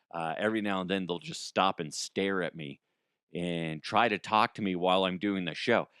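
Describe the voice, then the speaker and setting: A man in his thirties hosts a comedic news podcast from home, talking in a casual, joking way and laughing often. His pitch swings widely as he talks, and the sound is close and dry with no room around it. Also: fairly bright tone, clean tone, dry recording. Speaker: podcast host. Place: home, morning recording.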